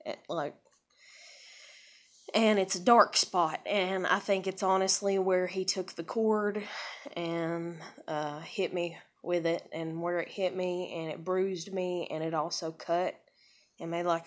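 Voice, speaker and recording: A woman with a somewhat low voice talks straight to the camera about her own life. Her telling is loose and rambling, full of "like" and "you know", and she swears without a second thought. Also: steady tone, slow. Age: adult with a child. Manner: rambling, frank and profane, with many fillers. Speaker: vlogger. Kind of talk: casual personal storytelling.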